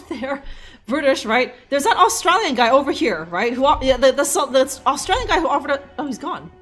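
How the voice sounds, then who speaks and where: A woman's voice: high-pitched, animated, moderate pace, fairly bright tone. A woman streamer giving casual live commentary as she plays, rambling and swearing freely. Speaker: game streamer.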